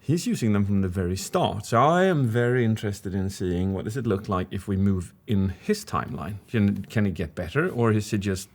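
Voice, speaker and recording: A man's voice: on the low side, expressive, a little fast, few pauses. A man who analyses public speaking, co-hosting a reaction video. He talks in an earnest, reflective way and is openly moved. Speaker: public speaking expert, co-host.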